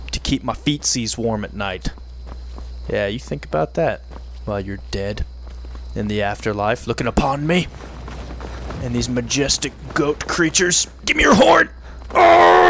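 A man giving joking let's-play commentary, partly in character, often laughing and yelling at enemies. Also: mid-range voice, slight background noise. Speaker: gaming video creator.

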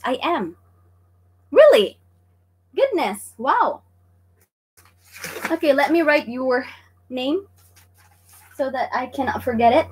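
Woman, livestream teacher, high and bright, chatty, giggly, greets chat. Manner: bubbly, laughs often, greets chat viewers by name. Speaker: online Japanese teacher. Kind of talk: livestream lesson, chatty quiz hosting.

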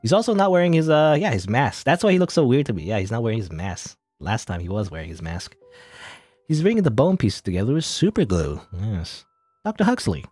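A man's voice: medium pitch, sing-song, fairly quick, darkish tone, slightly rough, no echo, soft background music. A man casually commentating a game he is playing, rambling and joking with many fillers. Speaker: let's play gamer.

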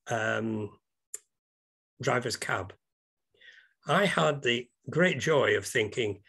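A man's voice: mid-range voice, vocal fry, fairly bright tone, breathy edge. A British man giving an informal slide talk over a video call, rambling and hesitant with many ums, breaking into enthusiastic asides. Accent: British English.

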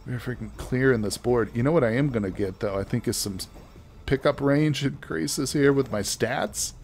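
A man's voice: mid-range voice, normal speed, creaky, darkish tone, faint music behind. Man, let's play host, casual gameplay commentary, chatty, joking asides.

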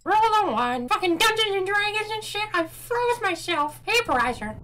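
A woman doing casual let's play commentary, excitable and quick to swear, reacting loudly to the game. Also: very high voice, rough recording. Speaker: gameplay commentator. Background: game music.

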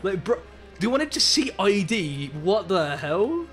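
A young man from Birmingham with a Birmingham accent, chatting excitably and in slang while streaming a game. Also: high voice, measured pace, music in the background. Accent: Birmingham English. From Birmingham, England. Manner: excitable, slangy, many hums of agreement. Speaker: live streamer. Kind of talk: casual gaming stream chat.

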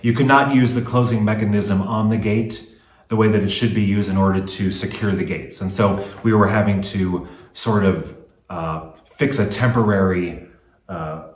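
A man co-hosting a casual home vlog, recounting events in steady detail. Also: low-pitched. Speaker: co-host, chateau owner. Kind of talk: casual chat. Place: home in a French chateau. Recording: roomy echo.

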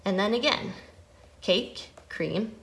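A woman nutrition educator reading a picture book aloud to children, with an animated, sing-song manner. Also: mid-range voice, slow, creaky, roomy sound, background noise.

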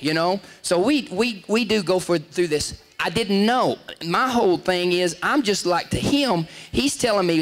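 A man hosts his show with rambling, casual storytelling. His voice sits fairly high for a man. He keeps cutting himself off, restarting sentences and laughing at his own stories. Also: animated, unhurried, few pauses. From Texas. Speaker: show host.

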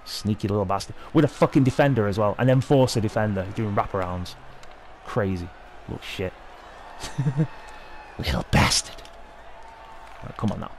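A young man giving excitable, sweary live commentary over his own hockey video game match. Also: lowish voice, moderate pace, long pauses, slight background noise. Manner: sweary, excitable, talking at the screen. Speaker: gaming video host.

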